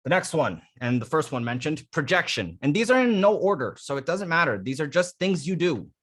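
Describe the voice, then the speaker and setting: A man's voice: on the high side, very animated, brisk, a bit bright, husky. A man coaching a live class on how to use the voice, talking emphatically and casually and demonstrating each technique. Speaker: dating coach. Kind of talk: live coaching session on vocal delivery.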